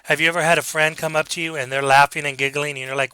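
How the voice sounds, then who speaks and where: A man teaching a communication class, talking through examples in a relaxed, conversational way and acting out quoted lines. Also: a little high, quick pace, hardly any pauses, smooth, dry recording, rough recording. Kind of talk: recorded online lecture.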